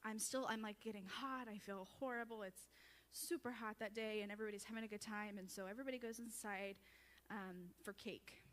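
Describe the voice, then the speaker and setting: A woman's voice: mid-range voice, fairly even intonation, a little fast, a bit bright, big-room sound. A young woman giving a chatty, self-deprecating farewell tribute at a church service, often breaking into laughter. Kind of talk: casual storytelling speech.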